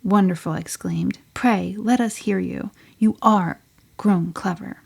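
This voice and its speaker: A woman voicing a spirited, headstrong teenage girl telling her story in an audiobook, often sinking to a breathy near-whisper. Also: medium pitch, unhurried, a little mellow, full character voice. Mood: telling a secret. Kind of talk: audiobook reading.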